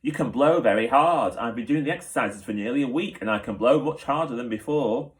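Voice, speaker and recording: A man's voice: mid-range voice, brisk, natural voice. A man reading aloud and voicing a chatty, cheerfully boastful male wolf in a storybook. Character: boastful hopeful black wolf, male adult.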